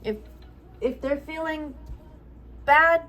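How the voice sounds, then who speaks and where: Lady doing a tarot love reading at home, kinda high voice, rambly, keeps repeating herself. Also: steady tone, slow pace, background noise. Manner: rambling, repeats phrases, searches for words. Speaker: tarot card reader. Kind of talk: spiritual love reading, channeling aloud.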